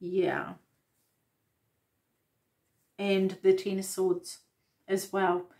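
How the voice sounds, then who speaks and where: A woman giving a casual tarot reading, gentle and reflective, with many fillers and restarts. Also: medium pitch, completely flat delivery, very slow. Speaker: tarot reader.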